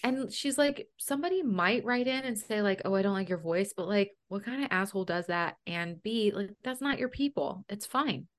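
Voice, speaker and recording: A woman's voice: mid-range voice, expressive, normal speed, hardly any pauses. A woman who works as a home organizer, talking as a guest in a casual podcast chat with a blunt, chatty manner and casual swearing.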